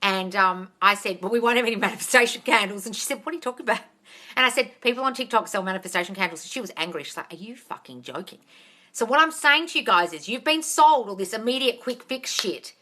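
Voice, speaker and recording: Bright-voiced woman, blunt and sweary. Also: on the high side, animated, quick pace. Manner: blunt and swears freely, calls viewers darling, reads comments aloud. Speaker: manifestation coach answering live questions. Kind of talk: casual live-stream Q&A. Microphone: phone or webcam on a live stream.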